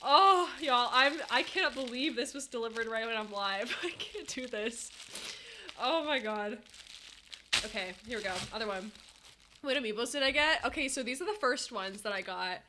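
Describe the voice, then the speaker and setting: A woman live streaming to chat, talking casually and excitably, laughing often and swinging between giddy and teary. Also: on the high side, moderate pace, slight background noise. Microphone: headset.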